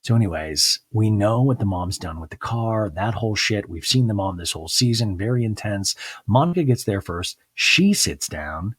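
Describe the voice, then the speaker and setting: A man hosting a podcast, recapping a reality show in an animated, gossipy way. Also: on the low side, moderate pace, slightly rough, dry recording, clean studio sound. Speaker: podcast host. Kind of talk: comic TV recap.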